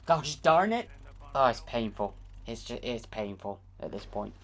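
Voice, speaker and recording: A woman's voice: extremely low pitch, animated, unhurried, heavy background noise. A woman from the United Kingdom co-hosting a film review with sarcastic, mocking commentary. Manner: dry, mocking asides, frequent laughs.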